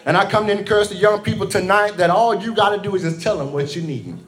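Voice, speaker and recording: Impassioned high-voiced male preacher. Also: quick pace. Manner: impassioned, call-and-response preaching, swings loud and soft. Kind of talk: sermon.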